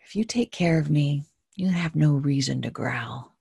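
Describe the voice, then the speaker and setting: A hungry storybook wolf pleads to be understood and bargains in slow, wheedling rhyme, as a woman puts him on. His voice is gravelly and husky and sits higher than the storyteller's own. It is recorded close and dry. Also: warm tone, no echo, heavily acted. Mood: coaxing. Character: hungry misunderstood male wolf, coaxing.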